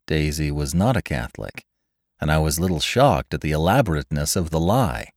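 A man narrating a classic novel aloud in an expressive, lively reading. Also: very deep voice, a little fast, no echo, clean studio sound. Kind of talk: scripted audiobook narration.

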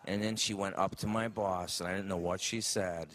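A male comedian with a low, deep voice tells a long stand-up story. He keeps it animated and jumps into other people's voices as he acts out their lines. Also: moderate pace.

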